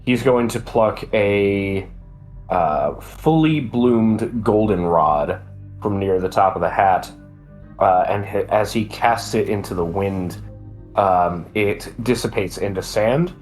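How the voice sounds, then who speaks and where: A man describes his character's actions during a tabletop game, pausing often on fillers. He talks very slowly in a low voice. Faint music plays underneath. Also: a little mellow. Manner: halting, hesitant with many fillers. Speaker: player.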